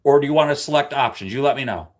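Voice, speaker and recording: A man's voice: mid-range voice, rapid-fire. A man hosting a live stream in casual chat, joking and teasing his viewers. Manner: joking, teasing, animated, often slips into loud playful bursts. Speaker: livestream host.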